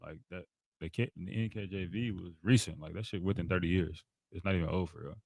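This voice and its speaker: A man's voice: sits low, steady tone, quick pace, gravelly, a little mellow, no echo. A man from Georgia co-hosting a podcast, telling a story in a laid-back, slangy way. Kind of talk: casual podcast chat.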